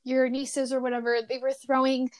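Animated young woman telling a story. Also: high voice, a little fast, clear, resonant tone. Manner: animated, many fillers, laughs while telling. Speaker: podcast host. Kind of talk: casual storytelling chat.

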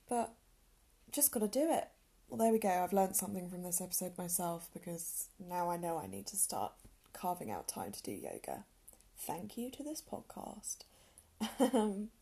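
Young woman, podcast host, casual and candid, with a husky voice. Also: on the low side, big pitch swings, unhurried, long pauses, warm tone. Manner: earnest, chatty, self-deprecating with frequent ums and laughs. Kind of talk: casual solo podcast talk.

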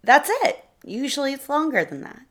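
A woman puts on a high voice, pitched above her own, to play a chatty, helpful seamstress. Her tone is fairly bright, her pitch swings widely, and she speaks at normal speed, hesitating with small fillers.

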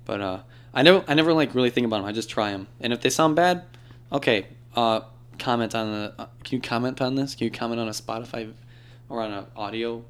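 A man's voice: mid-range voice, quick pace, smooth. Young man chatting on a podcast. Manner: animated, jokey, does playful character impressions. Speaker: podcast co-host. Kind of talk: casual podcast chat.

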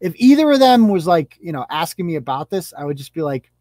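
A woman's voice: on the low side, very animated, fast talker, dark tone, no room sound. Sarcastic, foul-mouthed woman ranting. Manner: sarcastic, mocking, profane. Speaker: live show host. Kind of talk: profane ranting commentary.

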